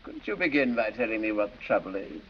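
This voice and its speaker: An actor playing a silly, foppish English aristocrat dandy who drawls, giggles and dithers, in 1930s film acting. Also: male voice, lowish voice, very animated, quick pace. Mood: wry. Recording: dull old film soundtrack with hiss.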